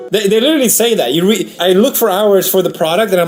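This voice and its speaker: A man's voice: sits high, fast talker, soft background music. A man hosting a gameplay video, talking casually and animatedly, ranting with exasperation and laughing at himself. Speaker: gaming video host. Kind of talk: casual commentary over gameplay.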